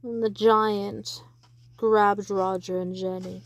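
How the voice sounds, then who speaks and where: A woman reading a children's picture book aloud, with animated narration and soft, whispered asides about the pictures. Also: medium pitch, slow pace. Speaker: reader.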